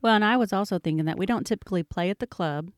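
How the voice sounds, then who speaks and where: A Texan woman with a mid-pitched voice talks frankly and thoughtfully with her podcast partner. The sound is dry and close to the mic. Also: very fast, no echo. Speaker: podcast co-host. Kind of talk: casual conversation.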